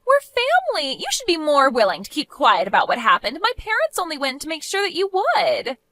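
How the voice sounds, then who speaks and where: A woman voicing an entitled, self-righteous young woman who talks in a shrill, indignant, whiny way, as scripted story voice acting. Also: huge pitch swings, fairly quick, fairly bright tone, heavily acted.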